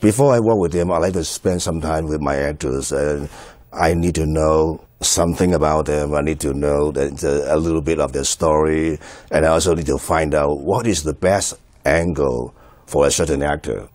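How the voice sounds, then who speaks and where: Deep-voiced man, halting commentary. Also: darkish tone, no room sound. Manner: halting, many fillers and restarts, chuckles often. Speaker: film director. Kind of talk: film commentary, recalling a shoot.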